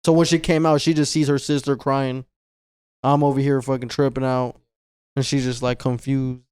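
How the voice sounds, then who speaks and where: A man's voice: medium pitch, level tone, normal speed, darkish tone, smooth, dry recording, clean studio sound. A man talking loosely and with profanity as a podcast host. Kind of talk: casual chat.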